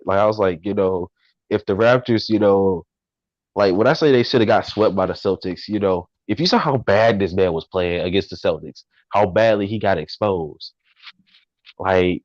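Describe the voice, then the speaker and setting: A man with a low voice who rambles through his points with stops and restarts. His sound is dull and lo-fi, as if it came over a remote line, and dry. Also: darkish tone, no room sound. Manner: rambling and halting, laughing often. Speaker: co-host. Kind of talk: casual sports talk.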